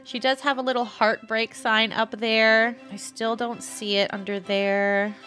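A woman's voice: on the high side, little pitch movement, a little slow, pushed and bright, soft background music. A young woman casually commenting while she plays a life-sim game, chatting to her characters and to her viewers. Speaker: let's play host.

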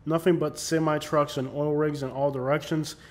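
A man's voice: fairly high pitch, level tone, moderate pace. A man hosting and narrating a comedy video in a mocking, sarcastic tone. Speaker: host.

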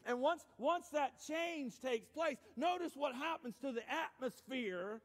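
Man preaching, high voice, goes soft then yells, big echoey church. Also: expressive, moderate pace, few pauses. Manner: preaching with swings from quiet to shouted. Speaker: pastor. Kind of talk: sermon. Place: church sanctuary. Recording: church sanctuary with long reverb.

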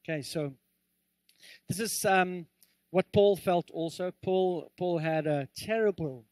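A man preaches from the pulpit with earnest, animated energy, slipping into joking asides. His voice sits high for a man. The sound is close and dry. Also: slow, no room sound. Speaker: pastor. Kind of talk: sermon. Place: church.

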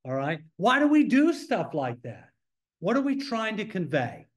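Higher-voiced man teaching a Bible study. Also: sing-song, a little slow. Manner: informal, asks the class questions. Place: church.

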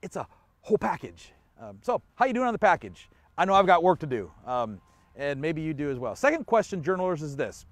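A man's voice: fairly high pitch, sing-song, brisk, dry recording. A man pastor giving an online church sermon in a conversational way, asking the listener questions and chuckling often.

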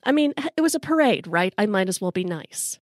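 A woman's voice: mid-range voice, very animated, fairly quick, dry recording, clean studio sound. A middle-aged American woman telling a personal story in a wry, casual, sometimes profane way. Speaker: storyteller host.

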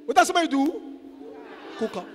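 A man with a Nigerian accent preaching a sermon, exhorting and playful, mixing in Pidgin and bursting into shouts. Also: very high voice, lively intonation, fast talker. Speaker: pastor. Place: church. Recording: echoey church hall.

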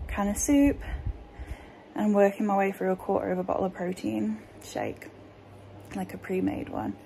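A woman's voice: mid-range voice, vocal fry, mellow, a little hiss or hum, low-quality recording. A woman vlogging in casual chat to camera, tired and a little out of breath, rambling with lots of fillers, recorded on a phone in a small room.

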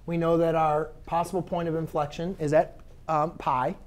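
Male math teacher, slightly higher voice, conversational classroom lecture, asks students questions, corrects himself. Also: flat delivery, moderate pace.

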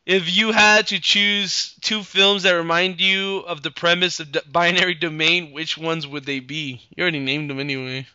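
A young man hosting a casual gaming podcast, joking around and swearing freely. His voice is high and very bright. It comes through a dry, slightly dull mic with no room sound. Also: steady tone, moderate pace, hardly any pauses, smooth, no room sound. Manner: loose, jokey, swears a lot, trails off and restarts. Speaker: podcast host.

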